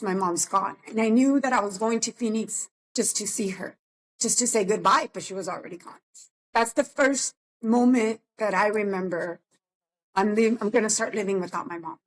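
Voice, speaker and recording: Woman co-host, reflective and subdued. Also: a little high. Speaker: podcast co-host. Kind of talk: casual podcast chat.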